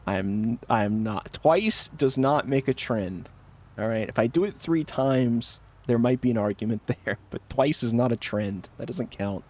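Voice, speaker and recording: A man's voice: mid-range voice, lively intonation, unhurried, a little mellow. A man chatting loosely as he streams a game, with a mid-range voice. He laughs often and mocks himself. He argues with his chat in a playful, mock-defensive tone. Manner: joking, self-mocking, laughs often. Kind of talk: casual live game-stream commentary.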